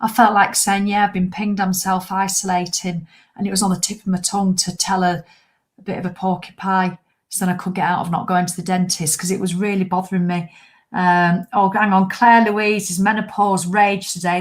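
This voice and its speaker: A woman's voice: mid-range voice, fairly even intonation, normal speed. A woman in her fifties chatting live to viewers, rambling, self-mocking and swearing for comic effect. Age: 50s. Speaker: livestream host. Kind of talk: casual live chat to viewers.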